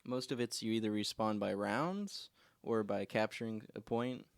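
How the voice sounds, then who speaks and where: A man's voice: on the low side, moderate pace, vocal fry, clear, resonant tone, no echo. A young man co-hosting a gaming podcast, explaining a news story with some hesitation. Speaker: co-host. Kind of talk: casual chat.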